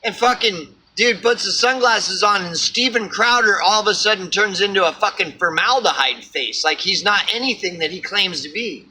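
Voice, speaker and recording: High, sharp-toned ranting man. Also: moderate pace, few pauses, husky, rough recording. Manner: profane, rambling, repeats words. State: homeless. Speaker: vlogger. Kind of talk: ranting monologue.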